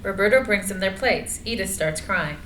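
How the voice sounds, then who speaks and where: A woman's voice: mid-range voice, normal speed, a bit bright. A woman narrating screenplay stage directions in a table read, matter-of-fact. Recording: echoey room, faint noise.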